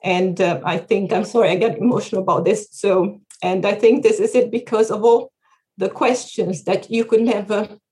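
A woman in the audience asking the author a question, speaking haltingly and searching for her words. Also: mid-range voice, steady tone, a little mellow.

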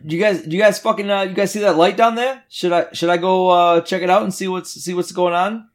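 A man playing a tabletop game, talking in a halting way with lots of fillers and swearing. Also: high voice, steady tone. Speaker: player. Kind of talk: casual chat at a tabletop game.

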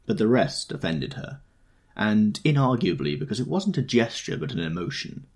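A man reading a novel aloud in a measured, first-person storytelling manner. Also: mid-range voice, big pitch swings, gravelly, a little mellow, breathy edge. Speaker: audiobook reader.

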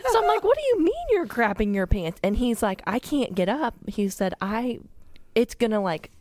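A woman's voice: on the high side, very animated, moderate pace, darkish tone, soft background music. A woman, a podcast guest, telling a long funny story in casual chat and often breaking into laughter.

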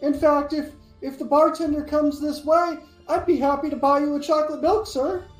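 A woman's voice: high-pitched, fairly even intonation, normal speed, roomy sound, soft background music, natural voice, rough recording. A woman doing an innocent eager adventurer. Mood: earnest. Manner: naive, friendly.

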